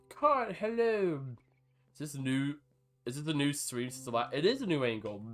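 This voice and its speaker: Chatty male streamer, rambling and excitable. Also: medium pitch, brisk, faint music behind. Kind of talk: casual live-stream chat while gaming.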